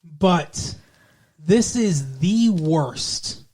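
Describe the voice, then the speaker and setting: A man's voice: fairly high pitch, expressive, very slow, darkish tone, slightly rough. A man co-hosting a podcast, chatting casually about a TV episode, sarcastic and profane, breaking into sung lines and mock voices. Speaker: podcast co-host. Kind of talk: casual chat recapping a TV episode.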